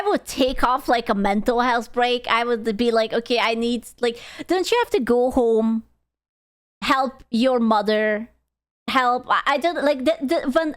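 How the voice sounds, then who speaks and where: A woman's voice: on the high side, clean tone. A woman streaming casually as she reacts to videos, talking bluntly, swearing freely and telling personal stories with little sung bits.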